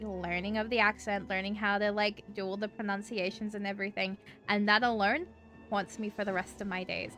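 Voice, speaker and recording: A woman from Australia, her accent somewhat Americanized, chats loosely on a game stream, rambling, swearing without hesitation, and using "like" over and over. Her fairly high voice sounds pushed and bright.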